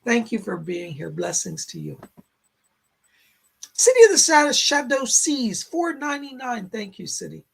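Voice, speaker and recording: A man hosting a psychic live stream in a raspy, strained voice, relaying spirit messages in short, halting phrases. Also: very high voice, sing-song. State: strained, hoarse voice. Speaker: psychic medium host. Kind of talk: live-stream chat and readings. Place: home in a rural area.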